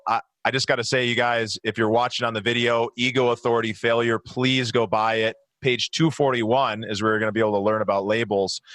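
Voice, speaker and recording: Man, podcast host, encouraging interviewer, fairly low voice, dry sound. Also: fairly bright tone, dry recording.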